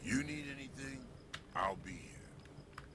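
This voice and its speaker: An actor playing a dry, sardonic former military tech who grumbles about corporate types, in a video game. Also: male voice, medium pitch, expressive, takes it slowly, vocal fry, heavily acted. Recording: loud noise behind game audio.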